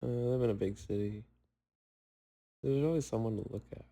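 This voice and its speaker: A young man talks loosely to himself, drifting from thought to thought and poking fun at himself. His voice is mellow and dark, with long pauses left in. It sounds like a relaxed solo chat. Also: mid-range voice, poor audio. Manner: rambling, self-mocking, long pauses. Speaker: podcaster.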